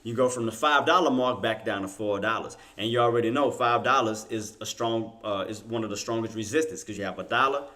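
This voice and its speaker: A man's voice: fairly low pitch, brisk, hardly any pauses, bright, forceful tone. A man streaming casual live commentary on stock charts. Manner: laughing, apologetic, casual. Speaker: trading streamer.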